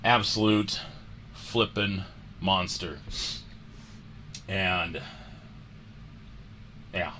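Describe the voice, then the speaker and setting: A male host of a sports card livestream recounts a story with a slow, deliberate pace. His voice sits low but has a bright, forceful edge. He acts out the moments as he goes, over a faint background hiss. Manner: animated storyteller, re-enacts moments.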